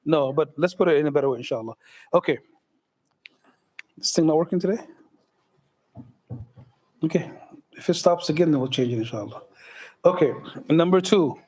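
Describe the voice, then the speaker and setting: Middle-aged man, imam, high voice, casual sermon, joking and questioning the crowd. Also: moderate pace, pauses often, a little mellow, low-quality recording. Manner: joking, conversational, asks the audience questions.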